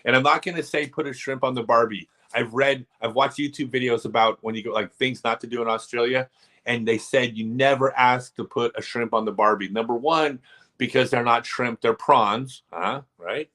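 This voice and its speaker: A man hosting a casual live stream, telling rambling, animated stories full of asides. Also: medium pitch, normal speed.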